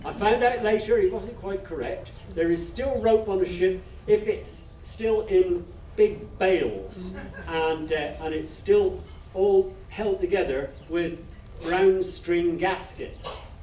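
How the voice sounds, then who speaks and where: Male folk storyteller, high-pitched, rambling and self-amused; heard from afar on a roomy stage. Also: slow pace, mellow, a little hiss or hum. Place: live music festival stage. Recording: distant roomy live stage sound.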